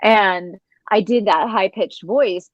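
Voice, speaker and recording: Young woman voice actor, kinda husky, rambly story, dry dull call audio. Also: mid-range voice, slow, dry recording. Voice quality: slightly textured, husky voice. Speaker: voice actor on a panel. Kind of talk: casual panel chat.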